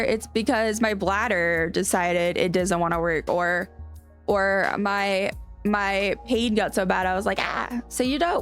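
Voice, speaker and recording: A woman streamer with a light Southern Cajun lilt talks in a loose, rambling way while she plays, often correcting herself mid-sentence and laughing. Her voice sits in an ordinary middle pitch. Soft music plays faintly behind her. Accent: light Southern Cajun-tinged American. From Cajun country, US South. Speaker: live streamer playing a life-sim game. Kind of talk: casual live-stream chat.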